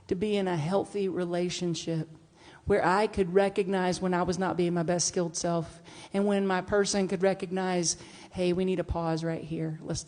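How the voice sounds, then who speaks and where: With a lowish voice, a middle-aged female minister gives a conversational sermon full of animated stories, moving from hushed reflection to playful bursts.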